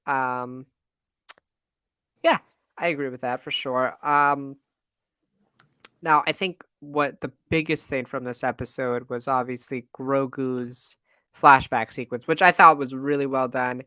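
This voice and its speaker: A man's voice: medium pitch, steady tone, a little slow, pushed and bright, smooth, no room sound, clean studio sound. A man co-hosting a fan podcast in casual, enthusiastic chat with many fillers. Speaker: podcast co-host.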